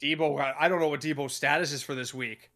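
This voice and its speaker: A man hosting a casual sports podcast, talking in an animated way, swearing and acting out what other people said. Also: on the high side, fast, crowd noise. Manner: animated, swears, acts out quoted voices. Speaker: podcast host.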